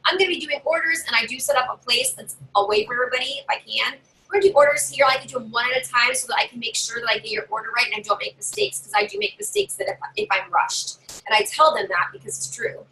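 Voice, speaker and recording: Woman, high voice, bright, chatty, animated, casual live video tips. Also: quick pace, vocal fry, slight background noise, poor audio. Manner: chatty, animated, acts out customers in higher voices. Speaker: direct sales consultant.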